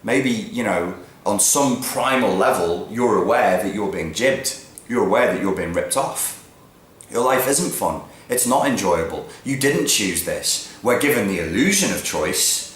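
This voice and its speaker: A man ranting bluntly in a monologue, swearing freely and swinging from low mutters to loud, emphatic peaks. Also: animated, unhurried. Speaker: vlogger giving opinions. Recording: roomy echo with faint background noise.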